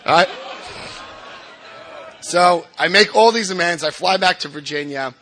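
Man sharing his recovery story, animated, self-mocking, forceful bright voice, restarts. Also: high voice, unhurried, long pauses, slight background noise. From New Jersey. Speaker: recovering alcoholic speaker. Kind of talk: personal recovery story told to a meeting.

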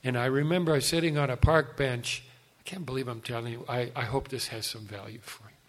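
A man's voice: mid-range voice, quick pace. Older man telling his own story. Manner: animated, self-deprecating, asides to the audience. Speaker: speaker sharing his testimony. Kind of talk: personal storytelling talk.

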